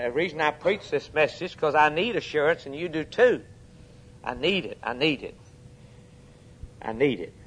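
A man preaching a sermon, swinging between urgent, raised peaks and quiet, low drops, and putting questions straight to his congregation. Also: slight background noise. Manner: addresses the congregation directly with questions.

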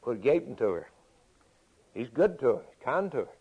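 A man preaches a sermon in a folksy, unhurried way, reading scripture and then explaining it. He repeats phrases for emphasis, and his mid-pitched voice comes through a dull, lo-fi recording. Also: very animated, breathy edge. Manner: folksy, repeats phrases, chuckles between points.

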